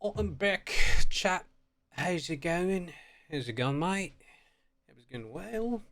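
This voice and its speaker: A man's voice: high-pitched, animated, slow, a bit bright, dry recording, voice pushed up, heavily acted. A man putting on a cheery English bloke's accent, chummy and jokey. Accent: put-on English.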